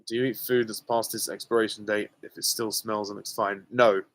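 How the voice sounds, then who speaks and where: A young British man hosting a live viewer Q and A, answering casually and candidly with many pauses and ums. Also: fairly low pitch, little pitch movement. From Britain. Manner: hesitant, many ums, candid and self-deprecating. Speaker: channel host answering viewer questions.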